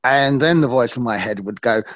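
A man guest on a podcast, reflectively telling a personal story in an earnest way and slowing down for emphasis. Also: medium pitch, fairly bright tone, dry recording, dull audio.

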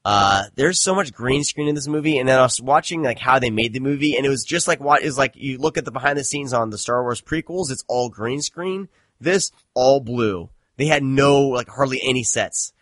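A male podcast host chatting casually, rambling and swearing as he goes. His voice sits at a middle pitch, recorded dry and close with little room sound. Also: moderate pace, hardly any pauses, a bit bright, no room sound. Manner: rambling, profane, self-deprecating. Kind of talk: casual chat.

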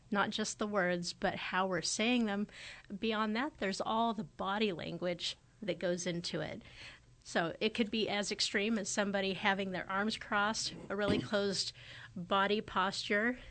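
A woman's voice: medium pitch, fairly bright tone. Woman, forties, podcast host; conversational, reflective delivery. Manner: conversational and thoughtful, often acting out quoted remarks. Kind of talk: casual reflective podcast talk.

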